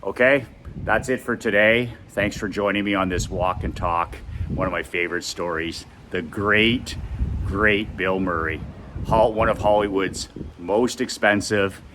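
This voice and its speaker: A man with a low, deep voice delivers a pushy, repetitive motivational pitch while walking outside. Steady outdoor noise and passing traffic sit clearly behind him. He hammers each point home. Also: measured pace. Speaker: host. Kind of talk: walk-and-talk sales pitch.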